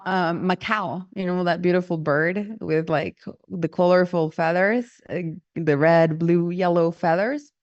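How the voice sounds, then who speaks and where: A woman casually retells an old myth in her own words, chatty and full of fillers. The recording sounds dull and lo-fi. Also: on the low side. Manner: chatty, many fillers, laughs often. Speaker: storyteller.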